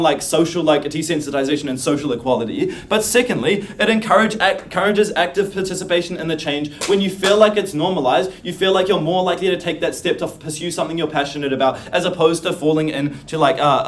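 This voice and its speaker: A man's voice: fairly high pitch, a little hiss or hum. A teenage boy giving a competitive debate speech in a loose style, full of "like" and "uh". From New Zealand. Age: teens. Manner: loose, filler-heavy delivery with lots of "like". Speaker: school debater. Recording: distant room mic.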